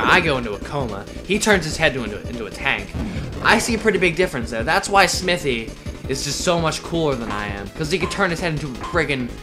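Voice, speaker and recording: Casual young male let's-player, chatty and filler-heavy, loud game music under him. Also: fairly high pitch. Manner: rambling, filler-heavy, joking. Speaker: let's play commentator. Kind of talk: casual gameplay commentary.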